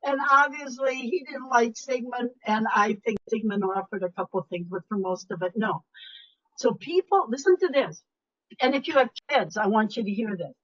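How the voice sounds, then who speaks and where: A woman's voice: fairly high pitch, normal speed, a bit bright. An older woman giving a webinar talk as a motivational speaker, emphatic and chatty. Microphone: video call. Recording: lo-fi video call audio.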